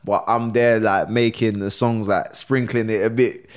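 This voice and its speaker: A man's voice: on the low side, fairly even intonation, normal speed, smooth. A young man, a rapper telling stories in a casual podcast interview, full of slang and acted-out quotes. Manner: laid-back slangy storytelling, acts out quotes. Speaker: rapper guest.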